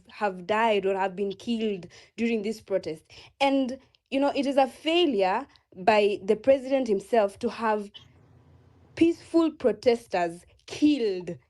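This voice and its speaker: A woman's voice: on the high side, warm tone. Furious, swearing Kenyan woman rallying protesters. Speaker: speaker in an online audio space. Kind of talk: impassioned protest speech.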